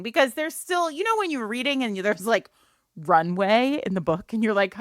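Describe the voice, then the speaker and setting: A woman co-hosting a book podcast, excitedly retelling a romance novel in casual chat with lots of filler words. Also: on the high side, moderate pace, dry recording, clean studio sound. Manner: animated storytelling, many filler likes. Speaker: podcast co-host.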